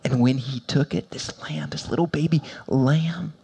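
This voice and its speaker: A man preaching a sermon, moving between quiet, low passages and loud, high-pitched emphasis, with repeated building phrases. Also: normal speed, gravelly, husky. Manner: repetitive, building rhetorical preaching. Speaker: pastor.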